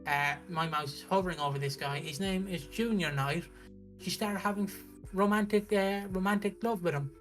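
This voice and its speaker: Animated British man recapping a soap. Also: high voice, normal speed, faint music behind. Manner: animated storytelling, acts out characters' lines, frequent restarts. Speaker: soap opera recap streamer. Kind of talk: casual spoken recap.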